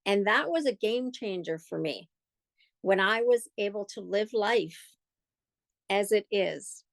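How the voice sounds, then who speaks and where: A woman's voice: mid-range voice, lively intonation, slow pace, gravelly, no echo. A woman co-hosting a casual chat, earnest and encouraging as she asks listeners questions. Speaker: co-host.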